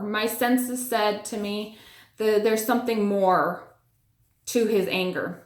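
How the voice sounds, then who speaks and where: In an echoey room, a woman with a medium, unhurried voice shares a personal spiritual experience in a chatty way. She fills it with "like" and "you know" and acts out her own reactions as the story unfolds.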